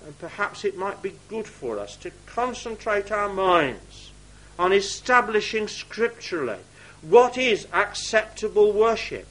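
High bright-voiced man preaching. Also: very animated, measured pace, low-quality recording. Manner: reads scripture aloud in archaic wording, drops to quiet asides. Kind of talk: sermon with scripture reading.

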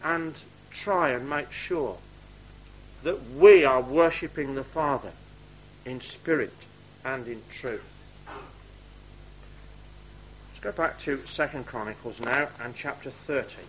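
A man preaching a sermon, reading scripture aloud in old wording and dropping to quiet asides to the congregation. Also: mid-range voice, slow pace, pauses often, a little hiss or hum, rough recording.

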